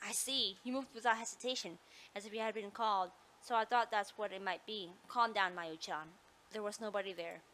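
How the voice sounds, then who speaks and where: A woman's voice: mid-range voice, fairly even intonation, brisk, a bit bright, lightly acted. Woman doing a frantic young guy. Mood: urgent. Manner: urging, repeating himself. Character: frantic young man, protective, panicking.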